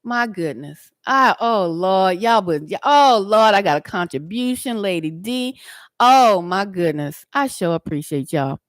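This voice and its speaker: Slow-talking woman hosting a livestream. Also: medium pitch, lively intonation, dry recording. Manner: chatty, preachy, addresses viewers directly. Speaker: livestream host. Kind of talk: casual livestream chat and teaching. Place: outdoors.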